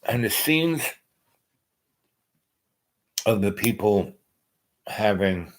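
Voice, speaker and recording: A man's voice: on the low side, lively intonation, drawn-out words, rough recording. A man hosting a podcast, talking in a meandering casual monologue with many fillers and restarts. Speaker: podcast host.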